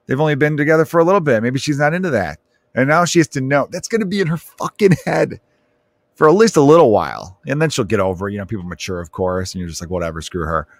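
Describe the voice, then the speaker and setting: A man who is a comedian hosting his own podcast, telling stories in an animated, profane way with frequent laughter. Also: mid-range voice, rapid-fire, no echo. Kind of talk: casual comedic podcast monologue.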